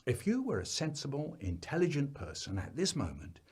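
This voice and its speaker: Animated man telling a funny story. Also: mid-range voice, brisk, slightly rough. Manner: animated, playful. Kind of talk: comic storytelling.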